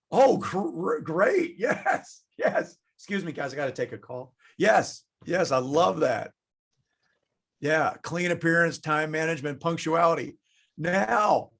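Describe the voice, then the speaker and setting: Animated, joking male conference presenter. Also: on the high side. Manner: jokey, animated, chatty with the audience. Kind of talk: lively webinar presentation.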